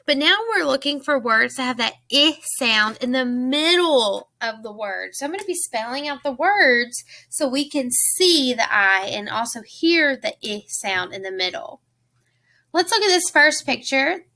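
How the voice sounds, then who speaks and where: A woman teaching a phonics lesson to young children, slowly sounding out letters and words and asking simple questions. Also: high-pitched, expressive, pushed and bright. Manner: asks the listener simple questions.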